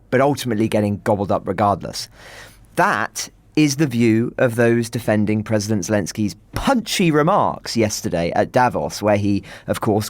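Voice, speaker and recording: A man's voice: medium pitch, dry recording. Man hosting a news podcast. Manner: dry, conversational and lightly ironic. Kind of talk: news commentary.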